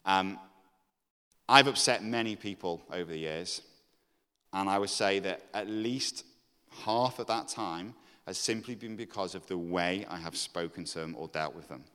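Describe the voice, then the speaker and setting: A man's voice: deep voice, measured pace, pushed and bright, clear, resonant tone. A man giving an earnest sermon to a congregation, candid about his own faults and rising to emphatic exhortation. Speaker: preacher. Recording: long reverb of a hall.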